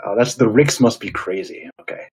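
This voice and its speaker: Lively low-voiced man reacting. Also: fairly quick, slightly rough. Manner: reactive, interjecting. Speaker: podcast co-host. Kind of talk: casual chat.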